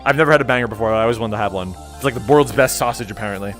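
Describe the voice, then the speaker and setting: Man, young adult, streamer, casual rambling chat, animated, faint background music. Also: mid-range voice, very fast. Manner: rambling, animated, reads chat aloud, jokey.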